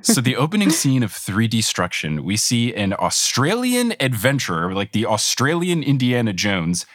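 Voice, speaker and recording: A man's voice: mid-range voice, moderate pace, hardly any pauses, no echo, studio quality. A man hosting a podcast game, recapping a cartoon mystery in a playful, joking way. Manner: animated, jokey, laughs at own lines. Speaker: podcast host.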